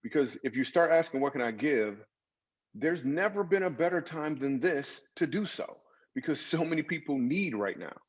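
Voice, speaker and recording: On a podcast, a comedian and author tells personal stories in an earnest, dramatic style full of emphatic swings. His voice is a little high, animated and slightly rough, moving at a moderate pace. It's a storytelling interview with dull audio.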